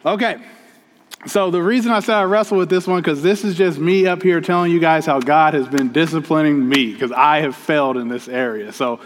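Speaking fairly quickly in a fairly high voice, a male pastor tells his sermon as a casual story straight to the congregation. A church hall's long reverb surrounds him, and there's a little hiss or hum in the recording.

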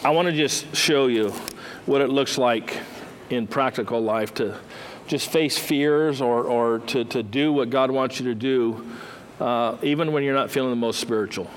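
A male preacher delivering a sermon in a relaxed storytelling manner, voicing the characters as he tells their stories. His voice sits at an ordinary middle pitch, and a faint hiss runs under the recording. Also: moderate pace, rough recording. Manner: conversational storytelling, acting out the characters.

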